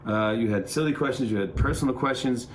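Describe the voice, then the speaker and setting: A middle-aged man, a talk show host, runs through a comedy monologue from his home. His voice sits at an ordinary male pitch, upbeat and joking, with a loose, rambling delivery full of fillers. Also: fast, slight background noise.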